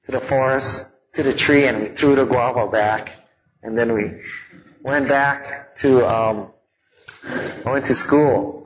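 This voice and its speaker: A man teaching a live audience in a relaxed, conversational way, mixing in stories from growing up and frequent fillers. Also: medium pitch, lo-fi sound, slight background noise. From Hawaii.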